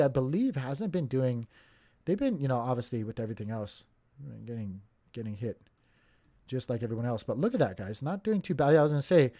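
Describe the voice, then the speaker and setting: This crypto channel host speaks a little high and keeps his market talk casual and packed with fillers. He speaks straight to his audience, calling them "you guys."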